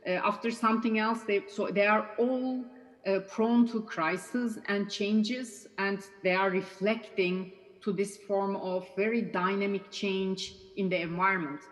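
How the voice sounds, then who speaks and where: A woman, a keynote lecturer, answering in an academic discussion, thoughtful and pausing with fillers. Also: medium pitch, fairly even intonation. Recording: long reverb.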